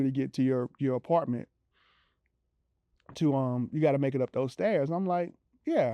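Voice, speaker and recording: A man's voice: medium pitch, moderate pace, long pauses, warm tone, no room sound. Male storyteller, casual and chatty, acts out quotes; dry, dull recording. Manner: conversational, many fillers, acts out quoted voices. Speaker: interviewee telling his recovery story. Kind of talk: personal storytelling.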